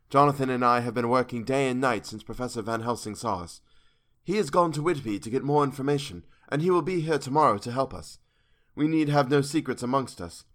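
Man voicing a young woman, gentle, resolute, pleading, formal phrasing, storybook reading. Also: medium pitch, lightly acted.

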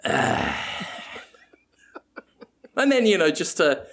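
A man hosts a comedy podcast, rambling cheerfully through a ridiculous made-up story. His voice is slightly high with a gravelly rasp. He chuckles at his own jokes as he goes. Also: wildly swooping pitch, takes it slowly, fairly bright tone. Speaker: podcast host.

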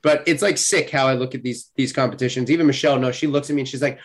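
Man, podcast guest, slightly high voice, blunt, swears a lot, animated storyteller. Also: fast, hardly any pauses. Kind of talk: casual chat.

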